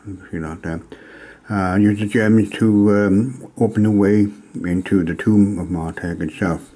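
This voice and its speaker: A man from Wales casually reviewing an old tabletop game module, pausing often with ums and uhs as he gathers his thoughts. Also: lowish voice, fairly even intonation, dark tone. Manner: hesitant, many ums and uhs.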